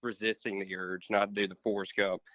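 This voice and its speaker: A man's voice: lowish voice, little pitch movement, brisk, sharp tone, dry recording. A man co-hosting a casual sports talk show, telling jokes and apologizing for them. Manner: joking, self-deprecating asides. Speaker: co-host.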